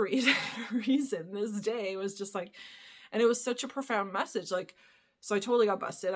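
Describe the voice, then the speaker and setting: A young adult woman vlogging, telling a personal story in a chatty, casual way with lots of fillers and casual swearing. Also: mid-range voice. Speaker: spiritual vlogger.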